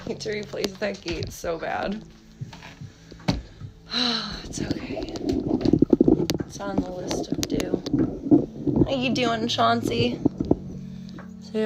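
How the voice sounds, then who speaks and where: A woman live streaming from home on a phone held in her hand, cooing affectionately to her pets in casual baby talk, with loud music playing behind her. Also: mid-range voice, slow, long pauses, low-quality recording. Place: home, indoors.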